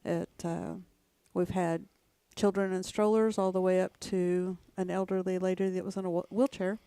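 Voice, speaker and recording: A woman, a talk show guest speaking in a relaxed, hesitant way. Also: fairly low pitch, normal speed, smooth, dry recording. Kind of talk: casual chat.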